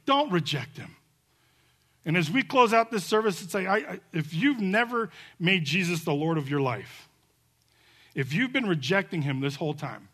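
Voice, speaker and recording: Male pastor, fervent sermon, fairly high voice, soft pleading to loud calls. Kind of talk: sermon with altar call and prayer. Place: church service.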